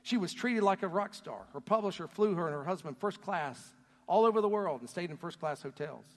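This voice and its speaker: A man preaching a sermon, telling a story earnestly, his voice swelling loud and then dropping to a near hush. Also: sits high, animated, a little fast. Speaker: pastor. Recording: long hall reverb.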